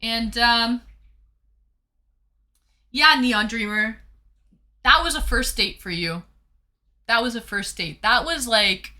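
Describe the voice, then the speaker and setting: A woman's voice: a little high, expressive, unhurried, long pauses, sharp tone. A woman streamer hosting viewers in casual live-stream chat, talking in an effusive, playful way.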